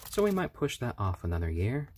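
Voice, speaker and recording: A man chatting on a live stream in a calm, soothing way, often talking gently to baby chicks. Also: medium pitch, fairly quick, background noise. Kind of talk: casual live-stream chat. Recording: chirping baby chicks behind.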